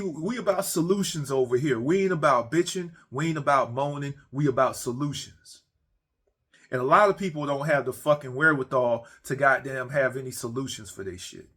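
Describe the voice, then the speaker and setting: A man's voice: mid-range voice, normal speed, sharp tone, slightly rough. A man sits in his man cave and unloads a comic, profanity-laden rant. He is blunt and repetitive, and he keeps stumbling and restarting his sentences as he goes. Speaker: ranting monologue creator.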